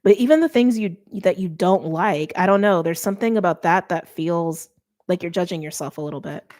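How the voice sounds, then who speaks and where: A woman's voice: on the low side, a little fast, a little mellow. A middle-aged woman giving a casual tarot reading, chatty and thinking aloud with many fillers. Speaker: tarot reader.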